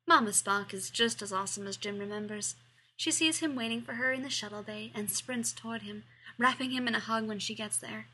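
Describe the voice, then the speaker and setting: Woman, story narration, expressive, bright, breathy, slightly high. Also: a little fast, low-quality recording. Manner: expressive, at times dropping to a whisper. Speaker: fiction reader. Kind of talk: reading fan fiction aloud.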